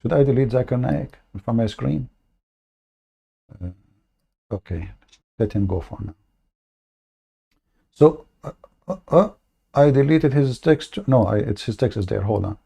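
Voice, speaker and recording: A man hosting an online debate livestream, speaking in a mocking, sarcastic way with many halting fillers. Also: medium pitch, lively intonation, gravelly, warm tone, breathy edge. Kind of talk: livestream commentary.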